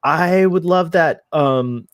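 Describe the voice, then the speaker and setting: A man's voice: fairly high pitch, slow, dry recording. Laughing, eager male host, dry sound. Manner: laughs often, eager fan talk. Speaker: show host. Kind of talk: casual live-stream chat.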